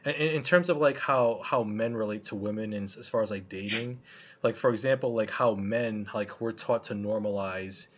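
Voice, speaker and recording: A man's voice: fairly low pitch, normal speed, crowd noise. A man chatting casually about a film he saw, loose and colloquial, with lots of restarts and fillers. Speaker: film reviewer. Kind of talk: casual film review chat. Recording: slightly muffled lo-fi recording.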